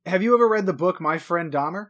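A man's voice: high voice, animated, fast talker, fairly bright tone. A man from Long Island co-hosting a casual podcast chat, rambling, stuttering and swearing as he talks. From New York, Long Island. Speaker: podcast co-host.

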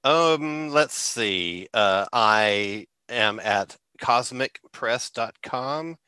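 A man's voice: medium pitch, expressive, extremely slow, bright, forceful tone, clean tone, no room sound. A man who is a guest on a podcast, making wry jokes in casual chat. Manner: wry, joking.

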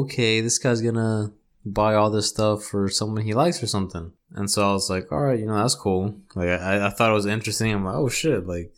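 A young man co-hosting a casual podcast, telling a story in a relaxed way with lots of like and you know. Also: lowish voice, a little fast. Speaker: podcast co-host. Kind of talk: casual chat.

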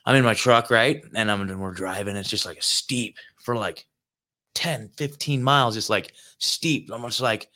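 A man's voice: fairly low pitch, moderate pace, bright, forceful tone. A man hosting his own show, telling a road-trip story in a loose, rambling monologue full of filler words and swearing, recorded in a hotel room. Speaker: host.

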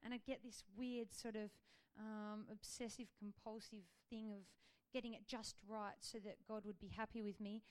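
A woman in her thirties sharing a personal faith testimony in a gentle, earnest way, with frequent ums and likes. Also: medium pitch.

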